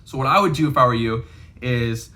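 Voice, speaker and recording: This real estate investor has a mid-range voice with a bright, forceful tone and a brisk pace. He coaches viewers to camera in a relaxed, talkative style, using plenty of fillers.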